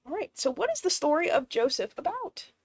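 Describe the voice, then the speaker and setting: A young woman interviewing fellow students for a school news show, asking brisk, bubbly questions. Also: high-pitched, big pitch swings, creaky.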